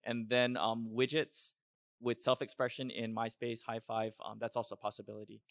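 A man's voice: medium pitch, flat delivery, moderate pace, no room sound, clean studio sound. A man on a conference panel, explaining things in a matter-of-fact way.

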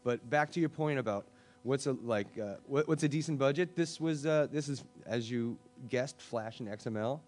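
A man speaking casually on a discussion panel, chatty and full of fillers and quick asides. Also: mid-range voice, a little mellow, soft background music. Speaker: web design panelist.

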